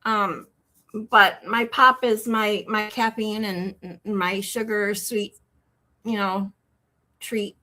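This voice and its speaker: A woman with a Michigan accent, hosting a livestream and chatting casually with her viewers, animated and rambling, often incredulous. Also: mid-range voice, slow. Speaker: livestream host. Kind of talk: casual chat with live chat. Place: home in Texas.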